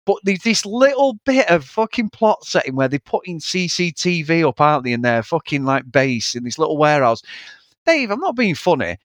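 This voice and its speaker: A man's voice: a little high, normal speed, dry recording. A man co-hosting a casual film review podcast, talking in a sweary, mocking way. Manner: sweary, animated, mocking impressions. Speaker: podcast co-host.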